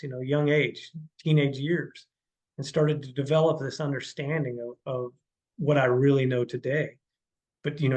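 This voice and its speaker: A man's voice: a little high, a little mellow, low-quality recording. A man on a podcast, a horse trainer and life coach, talking casually and rambling, often restarting and dropping in "man" and "dude". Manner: rambling, repeats words, says "man" and "dude".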